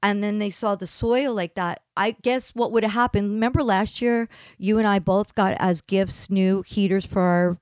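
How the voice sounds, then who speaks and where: A woman's voice: medium pitch, normal speed, few pauses, no room sound. Woman telling a story animatedly, dry sound. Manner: animated storyteller acting out others' lines. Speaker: show regular. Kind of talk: casual chat.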